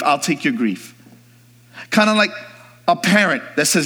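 A man preaching a sermon, swinging from hushed, slow reflection to rising, shouted exhortation, calling on the congregation to answer him. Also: a little high, sing-song, in a large hall. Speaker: pastor.

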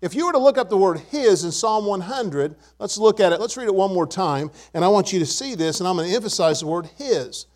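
A man's voice: high-pitched, expressive, a little fast, few pauses, a little mellow. An older man preaching a sermon to his church, emphatic and repeating key words. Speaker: pastor.

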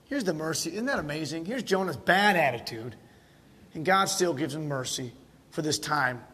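A man preaching a sermon in a church, fervent and repetitive, building to near-shouting at its peaks. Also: fairly high pitch, lively intonation, normal speed, slightly rough. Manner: fervent, repeats words, rises to near-shouting. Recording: long reverb of a large hall.

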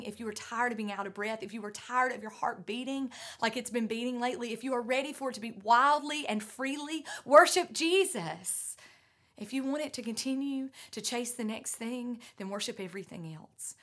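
A woman delivers a sermon in a somewhat high voice, winded and short of breath. She preaches earnestly and emphatically, rising to loud urging and dropping to hushed, near-whispered lines.

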